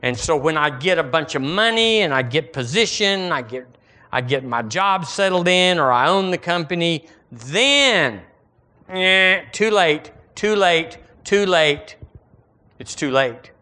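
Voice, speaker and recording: A male pastor, preaching an animated sermon and calling on the congregation to repeat lines after him. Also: a little high, unhurried.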